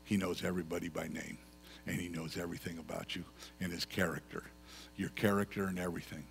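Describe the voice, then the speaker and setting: Man, pastor, low voice, conversational sermon, long church reverb. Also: flat delivery, quick pace, vocal fry, soft background music. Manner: conversational preaching with repeated phrases. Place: church sanctuary.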